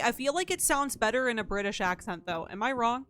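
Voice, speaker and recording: A woman's voice: on the high side, brisk, few pauses, a bit bright, clear, resonant tone, faint music behind. A young woman streaming a mystery game, chatting casually, thinking aloud and thanking her chat.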